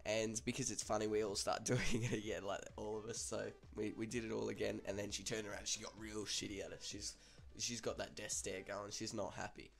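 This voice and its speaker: A man's voice: on the low side, level tone, brisk, vocal fry. A young man with an Australian accent casually telling a school story, chatty and swearing freely.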